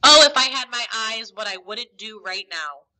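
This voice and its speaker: A woman's voice: on the high side, lively intonation, normal speed, bright, forceful tone, low-quality recording. A woman voicing a cruel, frantic old blind male pirate who shrieks out orders. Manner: shrieking, commanding.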